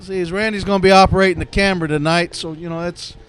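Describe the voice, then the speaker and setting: A man doing color commentary at a high school football game, wry and teasing, often stopping to restart. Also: steady tone, quick pace, fairly bright tone.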